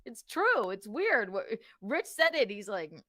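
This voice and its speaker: A woman's voice: a little high, sing-song, moderate pace, a bit bright, no room sound. Woman, podcast guest, profane, defensive, rambling, dry close recording. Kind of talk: heated casual chat.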